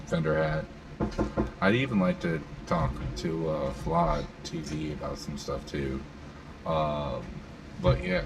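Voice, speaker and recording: A man with a very low, gravelly voice hosts a live panel, rambling through his thoughts with plenty of "uh"s and "um"s as he talks to the crowd. His pitch still swings around a lot. He is picked up from well away from the mic, with loud room noise underneath. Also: far from the mic. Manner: rambling, filler-heavy, addresses the crowd. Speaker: panel host. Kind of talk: casual live panel talk.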